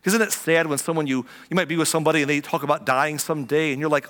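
A man preaching a sermon in a relaxed, conversational way, acting out little quoted reactions as he explains a passage. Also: fairly high pitch, rapid-fire. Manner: conversational, animated, acts out quotes. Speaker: pastor. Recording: long reverb of a hall.

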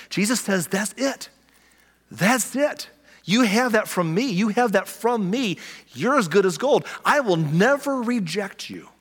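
A man preaching a sermon as pastor, lively and playful, acting out the people he quotes with humor. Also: a little high. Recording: long reverb of a large hall.

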